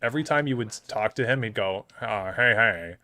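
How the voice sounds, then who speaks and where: A man's voice: mid-range voice, brisk, fairly bright tone, no echo. A young man streaming, telling a rambling anecdote about an old coworker and laughing often as he talks. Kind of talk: casual storytelling on a live stream.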